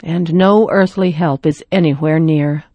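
A woman voicing a gentle, weary pioneer father in a storybook reading. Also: low-pitched, steady tone, measured pace, no room sound, lo-fi sound. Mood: reverent. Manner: gentle, reverent.

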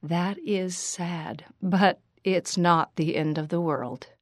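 A woman reading the part of a kind pioneer father in a storybook, gentle and reassuring. The voice stays close to the reader's own. The sound is dry and close to the mic. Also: lowish voice, slow pace, no room sound.

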